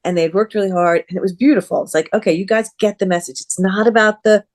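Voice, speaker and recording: A chatty woman in her fifties, talking about her life as a guest author in a casual interview. She is lively and often restarts her sentences, and her pitch is middling. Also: fast talker.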